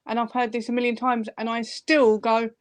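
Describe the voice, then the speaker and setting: A woman hosting a casual chat on a video call, emphatic and quick to exclaim in disbelief. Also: on the high side, flat delivery. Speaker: host.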